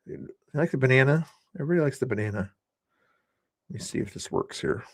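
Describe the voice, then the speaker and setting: A man's voice: mid-range voice, expressive, fast, no echo. Guy rambling to his stream viewers, super dry close mic, chatty and loose. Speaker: livestream host. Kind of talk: casual live-stream chat.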